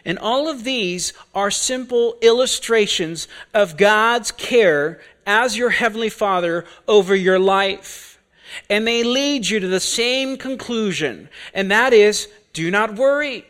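A man preaching an expository sermon, deliberate and full of rhetorical questions. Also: sits high, a bit bright.

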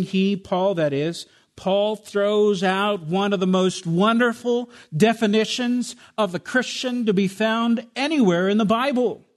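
A man pastor preaching a sermon with emphatic rhetorical questions, addressing his congregation as "my beloved.". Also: high voice. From Spanish heritage.

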